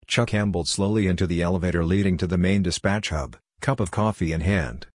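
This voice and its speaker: A man reads fiction aloud as narrator, his voice low and slightly husky. His delivery is steady and even. The recording is dry, with no room sound. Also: fairly quick, dry recording. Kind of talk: audiobook-style fiction reading.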